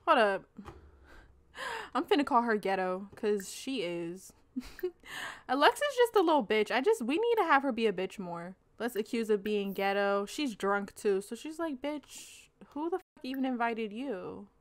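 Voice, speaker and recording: A woman's voice: medium pitch, sing-song, normal speed. A woman in her twenties giving playful, slangy, profane let's-play commentary as a channel host.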